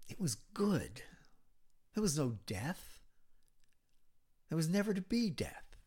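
During a sermon, a preacher whose voice runs somewhat high dramatically retells a story from scripture, dropping at times into hushed whispers.

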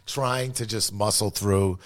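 A man's voice: on the low side, fairly even intonation, slow, dry recording. A man telling a rambling, profane, self-deprecating story in casual podcast talk.

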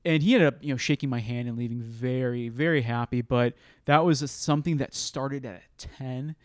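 This man's medium-pitched voice is fairly quick, recorded at studio quality with no echo. As a podcast co-host in relaxed chat, he recounts a work story and performs the dialogue as he goes.

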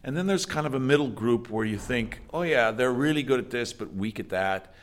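A man's voice: medium pitch, expressive, brisk. A man, an acting teacher, talking casually in an interview, often restarting his sentences. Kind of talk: documentary interview.

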